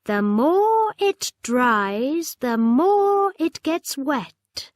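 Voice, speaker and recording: A woman reading a slow riddling lake serpent. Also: high-pitched, big pitch swings, no echo, clean studio sound, voice pushed up, exaggerated voice. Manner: slow, drawn-out questioning. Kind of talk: children's storybook reading.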